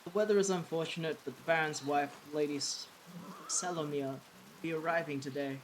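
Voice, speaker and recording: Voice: mid-range voice, fairly even intonation, fairly quick, close to an everyday voice. Brief: loyal courteous servant of a lord, read out plainly by a streamer, rain noise. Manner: reading game dialogue aloud in a plain voice.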